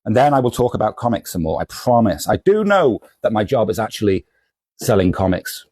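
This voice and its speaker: Comic shop guy, bouncy pitch, dry close sound, rambling and self-mocking. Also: big pitch swings, brisk, darkish tone, husky, no room sound. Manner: rambling, self-deprecating and jokey. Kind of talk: casual vlog with a kitchen science demo.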